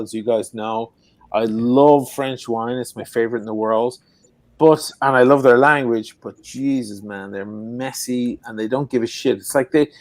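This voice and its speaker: An Irish man chatting as a guest on a video call from his home, telling stories in an animated, profane ranting way. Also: mid-range voice, dry recording. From Ireland. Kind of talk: casual chat. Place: home in Venice.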